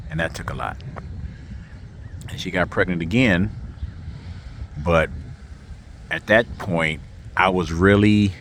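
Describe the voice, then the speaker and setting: Man, very low voice, halting and tearful, outdoor vlog, faint street noise. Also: fairly bright tone. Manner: reflective, halting, emotional. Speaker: vlogger. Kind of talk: casual personal vlog. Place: outdoors walking in a neighborhood. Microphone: handheld camera.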